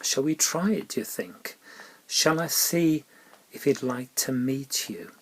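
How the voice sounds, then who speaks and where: A man presenting a gentle children's Bible talk, coaxing his puppet along in a warm, parental way. His voice sits at an ordinary middle pitch, and he often drops to a hushed whisper for asides. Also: takes it slowly.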